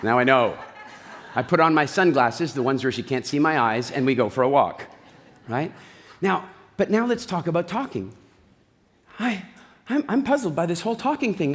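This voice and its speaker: High-voiced guy doing a stage talk, super animated, joking around, big echoey hall. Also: normal speed. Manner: animated, jokey storytelling with voiced asides. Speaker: speaker. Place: large event hall. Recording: reverberant hall.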